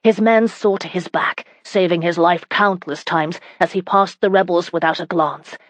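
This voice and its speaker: A woman narrating a historical romance audiobook in a steady, even reading. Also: fairly low pitch, moderate pace, no echo. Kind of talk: scripted narration.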